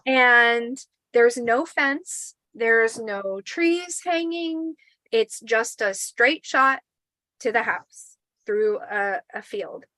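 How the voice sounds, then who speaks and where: A woman in her forties telling a spooky personal story in a casual, animated way, swearing and acting out the quotes. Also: on the high side, very slow, no echo, low-quality recording.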